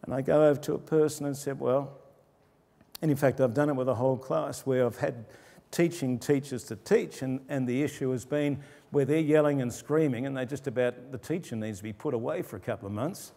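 An older man, a pastor, preaching a conversational sermon and dropping his voice low for quoted asides. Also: brisk, vocal fry, dark tone. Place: church. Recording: long church reverb.

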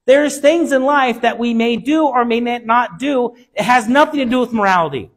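Brief: man preaching, very high voice, emphatic and repetitive, swings between soft and loud. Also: moderate pace. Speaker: pastor. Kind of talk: sermon.

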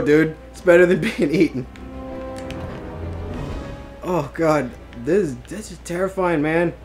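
A gamer giving live gameplay commentary, excitable, swearing often and breaking into yelps and laughs. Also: medium pitch, takes it slowly, long pauses. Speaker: let's play gamer. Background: game music.

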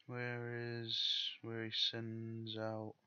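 A man's voice: medium pitch, completely flat delivery, very slow, sharp tone, clear, resonant tone, no room sound, highs cut off. A man giving frustrated live gameplay commentary, swearing often and breaking into angry outbursts. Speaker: gaming YouTuber.

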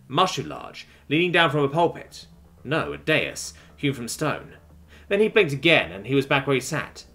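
A man narrating a science fiction story in a dramatic, expressive reading. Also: medium pitch. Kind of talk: scripted audiobook narration.

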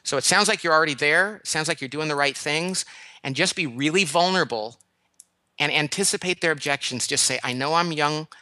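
Bright, emphatic man giving advice. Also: fairly high pitch, a little fast, no echo. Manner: animated, emphatic storytelling that acts out other people's lines. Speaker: guest advice-giver, management consultant. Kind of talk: radio call-in advice.

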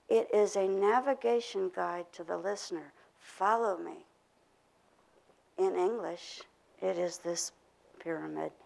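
A woman's voice: medium pitch, gravelly, a little mellow, low-quality recording. An older woman presenting a pronunciation workshop, explaining ideas and leading the group in spoken drills. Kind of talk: teaching a workshop. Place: workshop room.

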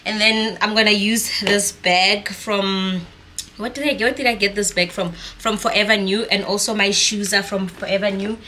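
Chatting in her vlog, this young South African woman mixes English with Sesotho/Setswana in a medium-pitched, pushed and bright voice. Her intonation stays fairly even at a normal speed, and there's a little hiss or hum on the track.

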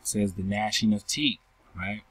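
A scripture teacher with a lowish, fairly even voice that's a bit bright and breathy reads and explains verses to listeners he calls family. He moves slowly and repetitively, asking "right?" after nearly every phrase. The recording is rough, with no room sound.

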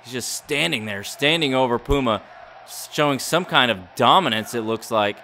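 Bright excitable man calling wrestling game. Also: medium pitch, moderate pace, slight background noise. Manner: excitable, mock wrestling announcer. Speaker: gaming YouTuber. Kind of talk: play-by-play game commentary.

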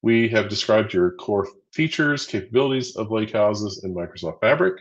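An upbeat, chatty man co-hosts a live training stream, counting down quiz answers and cheering viewers on. His voice sits on the low side. The audio is dull and lo-fi. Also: lively intonation, moderate pace. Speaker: livestream co-host running a quiz. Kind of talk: casual livestream teaching.

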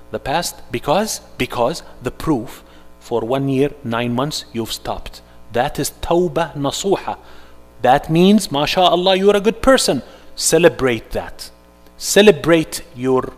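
A man giving a live workshop sermon, swinging from hushed to loud and urgent, mixing in Arabic phrases. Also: fairly high pitch. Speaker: Islamic speaker. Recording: echoey hall.

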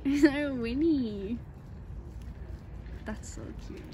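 A woman's voice: sits high, drawn-out words, warm tone, slight background noise. A young woman in her twenties, chatting bubbly and giggly to a handheld camera as she vlogs her trip outdoors. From North East England. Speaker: vlogger. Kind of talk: casual vlog to camera. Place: outdoors at a zoo and in the city.

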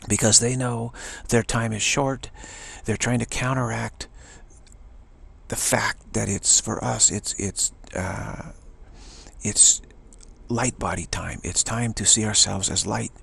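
A man with a low, gravelly voice talks in a casual spiritual monologue. He is earnest and rambling and often restarts his sentences, and his tone is rough and a little husky throughout. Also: steady tone, slow, pauses often, fairly bright tone. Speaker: spiritual video blogger.

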